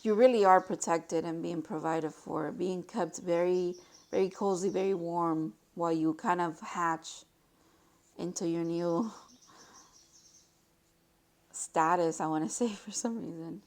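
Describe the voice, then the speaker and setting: Excitable woman reading tarot cards. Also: fairly low pitch. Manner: excitable and gushing, exclaiming often; reads card text aloud in a slower, softer voice. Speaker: tarot reader. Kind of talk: casual tarot card reading to viewers.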